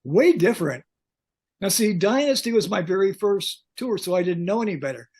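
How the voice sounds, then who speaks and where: Older guy w a gravelly husky voice, kinda high pitched, telling road stories on a podcast. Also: moderate pace. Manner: animated anecdotes, acts out quoted lines. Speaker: guest, concert pyrotechnics designer. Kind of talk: storytelling in a podcast interview.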